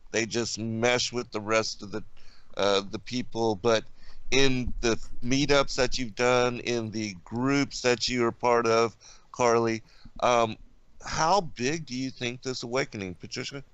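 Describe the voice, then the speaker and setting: Slow-talking man hosting. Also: mid-range voice, fairly even intonation, a bit bright, smooth, no room sound, poor audio. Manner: brief affirming backchannels. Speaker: host. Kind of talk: casual interview.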